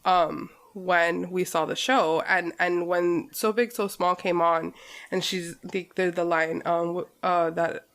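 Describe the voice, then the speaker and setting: A young woman co-hosts a podcast in loose, casual chat. Her voice sits a little low, and she rambles emotionally and laughs often. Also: steady tone, slow, a bit bright. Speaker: podcast co-host.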